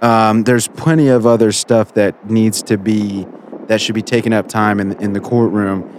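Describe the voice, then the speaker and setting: A man's voice: lowish voice, fairly even intonation, normal speed, a little mellow, a little hiss or hum. Easygoing male call-in show host. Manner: mediating, easygoing, hesitant. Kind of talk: casual talk radio.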